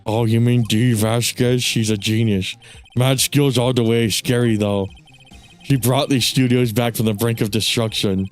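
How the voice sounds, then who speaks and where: A man voicing a shy, soft-spoken male actor in a put-on British accent, mumbling quietly while reading game dialogue aloud. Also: mid-range voice, steady tone, unhurried, soft background music, lightly acted. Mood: subdued.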